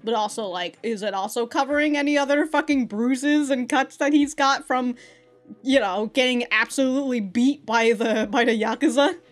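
A woman's voice: sits high, moderate pace, soft background music. A woman hosting an anime reaction, chatting casually, laughing often and swearing as she acts out the characters' lines. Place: in Japan.

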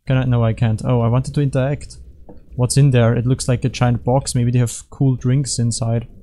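Rambling, jokey gameplay commentator, mellow voice. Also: male voice, mid-range voice, level tone, normal speed, slight background noise. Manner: rambling, jokey, self-correcting, puts on silly voices. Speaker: gaming YouTuber.

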